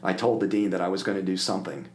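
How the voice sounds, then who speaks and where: An older man from the Philadelphia area, a guest telling animated stories and acting out the people in them. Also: low-pitched, racing, slight background noise. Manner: animated anecdote-telling, acts out quoted voices. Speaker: podcast guest. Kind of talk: casual storytelling.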